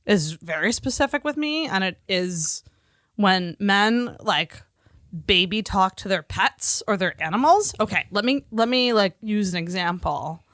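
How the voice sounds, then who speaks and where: A woman's voice: medium pitch, lively intonation, a little slow, a bit bright, no echo, studio quality. A young woman co-hosting a podcast, chatting casually and animatedly with lots of filler words and laughter. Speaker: podcast co-host.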